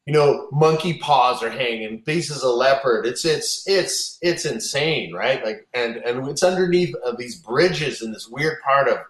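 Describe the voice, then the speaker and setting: Speaking a little slowly with few pauses, a man in a medium-pitched, fairly bright voice recounts a long road story while chatting casually. He curses frequently and restarts sentences as he rambles, all with a roomy echo.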